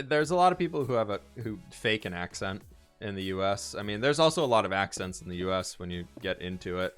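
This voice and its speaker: A man's voice: low voice, fairly bright tone. A man streaming live, chatting casually and thinking aloud as he answers chat and builds in a game.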